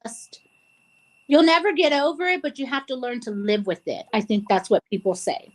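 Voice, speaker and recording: On a rough, low-quality recording, a woman with a slightly high, sing-song voice speaks briskly. She co-hosts a casual talk show, talking earnestly and through tears, restarting often in this emotional conversation.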